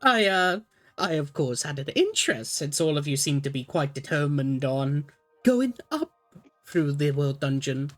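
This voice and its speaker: A woman voicing a smooth-talking male wandering gambler with a breezy, knowing manner. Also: deep voice, big pitch swings, unhurried, soft background music. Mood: sly.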